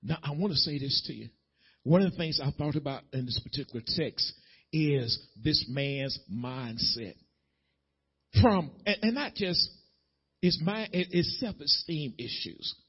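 A man's voice: a little high, animated, measured pace, breathy edge, dull audio. A man preaching a sermon in a folksy, emphatic way, addressing the congregation directly in a church sanctuary. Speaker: pastor.

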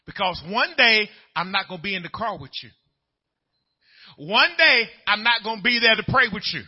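Pastor guy, real high voice jumping all over, folksy story then hollering, muffled church recording. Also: lively intonation, normal speed, husky. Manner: folksy storytelling that builds to shouted preaching. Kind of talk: sermon.

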